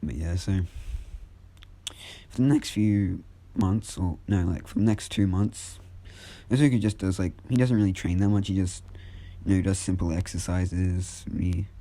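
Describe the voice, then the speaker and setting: A young man casually retelling a fan story in a rambling, filler-heavy way. His voice is low and very dark, mellow rather than bright. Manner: rambling, full of fillers and restarts.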